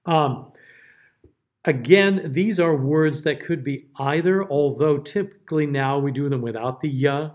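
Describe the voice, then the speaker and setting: A man's voice: on the high side, unhurried, darkish tone. An American man giving a classroom diction lecture, carefully over-enunciating example words. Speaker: diction teacher.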